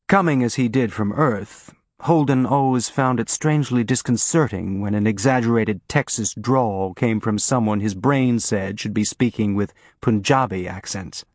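A man narrating an audiobook in a steady, even reading voice on a close mic. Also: on the low side, normal speed, no echo. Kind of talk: scripted narration.

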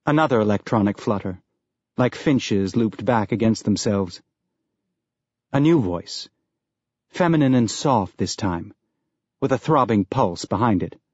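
A man narrating an audiobook in a measured, even storytelling manner. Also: lowish voice, no echo, dull audio. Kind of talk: scripted narration.

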